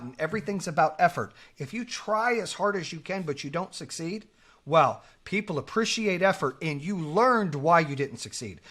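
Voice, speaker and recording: A middle-aged man tells a story on a podcast, loose and profane, acting out each quoted line. His bright voice sits a touch high and swings widely in pitch. He talks in a casual, animated way. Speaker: podcast host.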